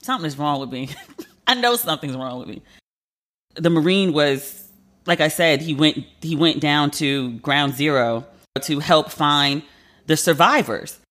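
A journalist hosts a casual monologue podcast, chatty and emotional, and "like" turns up constantly in his speech. His voice is fairly high, bright, and forceful, and he speaks unhurriedly.

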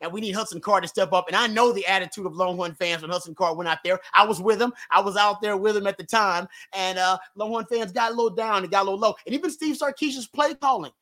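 A man calling into a postgame sports talk show, speaking with emphatic, emotional fan energy. His voice is quite high and strikingly bright and forward. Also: fast, few pauses. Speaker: guest analyst.

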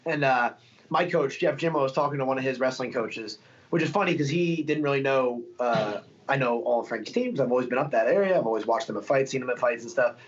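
A young man rattles through his stories at a quick clip, full of fillers and restarts. He speaks in a casual interview tone, and the sound is a little dull and lo-fi. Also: medium pitch. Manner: fast, rambling storytelling with many fillers. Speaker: fighter being interviewed.

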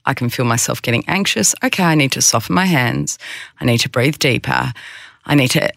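A mindfulness coach in casual conversation who explains calmly and sometimes acts out anxious self-talk in quick, higher bursts. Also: creaky, dry recording, clean studio sound.

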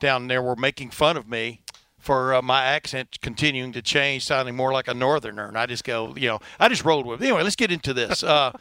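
A middle-aged man with a Texas twang hosting a casual sports podcast, talking fast with lots of uh fillers. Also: mid-range voice, sharp tone, clear, resonant tone, dry recording. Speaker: podcast host.

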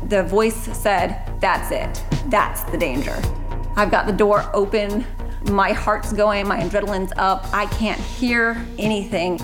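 Woman telling a tense true story. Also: medium pitch. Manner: earnest, vivid and urgent. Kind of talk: recounting a personal story. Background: background music.

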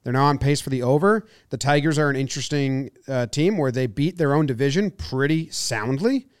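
A man's voice: medium pitch, a little fast, clear, resonant tone, no room sound. Dry-voiced man joking about baseball. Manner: joking, breaks into goofy voices. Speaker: podcast co-host. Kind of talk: casual sports chat.

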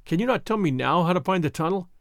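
Brigand: rough, distrustful prisoner, storybook reading by a male narrator, lively pitch. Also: quick pace, no echo, studio quality. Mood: gruff. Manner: eager and distrustful.

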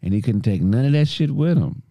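A man in casual group talk, telling stories with lots of profanity and acting out heated exchanges. His pitch swings widely as he talks. The sound is dry and close. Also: fairly quick, no room sound. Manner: animated storytelling, profane, acts out arguments in a raised voice. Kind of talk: casual chat.

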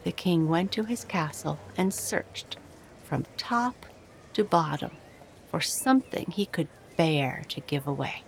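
Slow, expressive woman reading a storybook. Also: low voice, creaky, a little hiss or hum, poor audio. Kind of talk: storybook read-aloud.

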